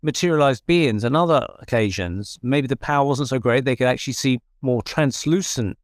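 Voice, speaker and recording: A man, a paranormal researcher, telling an animated anecdote in casual conversation, with many restarts. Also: medium pitch, normal speed, no room sound, clean studio sound. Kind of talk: conversational storytelling.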